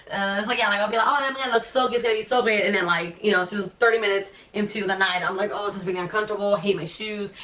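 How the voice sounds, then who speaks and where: A woman's voice: mid-range voice, sharp tone, recorded from a distance. A young woman vlogging in a chatty, rambling way, full of fillers and restarts. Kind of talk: casual personal vlog. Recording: echoey room, voice off-mic.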